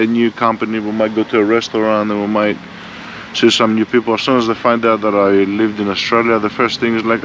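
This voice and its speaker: A man in his forties ranting bluntly and profanely in a rambling motorbike vlog, recorded outdoors on a bike-mounted camera. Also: on the low side. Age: 40s. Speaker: motorbike vlogger. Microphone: bike-mounted front camera. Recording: dull lo-fi sound, faint vehicle noise.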